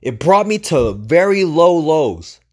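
A man's voice: a little high, sing-song, slow, a little mellow. A man hosting a podcast, delivering a motivational monologue full of swearing and rhetorical questions. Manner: profane, emphatic, rhetorical questions. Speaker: podcast host.

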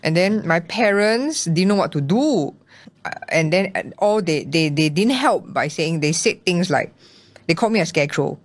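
A young woman with a Singaporean accent, telling her personal story as a podcast guest in a lively way and acting out her own past thoughts. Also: fairly low pitch, moderate pace. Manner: animated storytelling with acted-out quotes. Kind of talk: candid personal interview.

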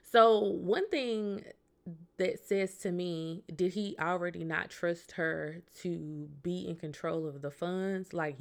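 A woman's voice: on the low side, measured pace, vocal fry. A woman, hosting a casual podcast, reading a story aloud, chatting and laughing often. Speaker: podcast host.

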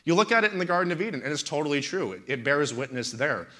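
A man's voice: fairly high pitch, very animated, fast, sharp tone. A man in his thirties, a pastor preaching in a talk-show setting, telling stories animatedly and with indignant emphasis.

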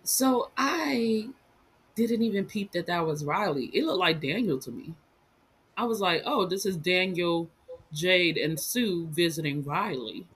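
Slow husky woman with a lively voice. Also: on the low side. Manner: relaxed, short agreeing replies. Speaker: podcast co-host. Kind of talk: casual movie review chat.

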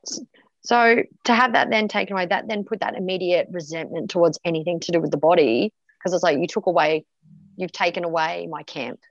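A woman's voice: lowish voice, brisk, gravelly, no echo, dull audio. A woman guest telling a personal story frankly, swearing freely and full of fillers and restarts. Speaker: podcast guest.

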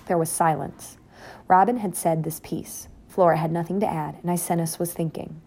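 Woman audiobook narrator, calm, low voice, gravelly. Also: normal speed, a little hiss or hum.

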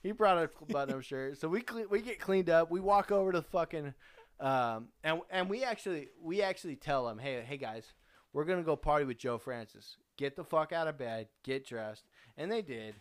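A man's voice: a little high, animated, moderate pace, clear, resonant tone. Rambling, profane young man telling a story. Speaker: podcast host. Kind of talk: casual storytelling.

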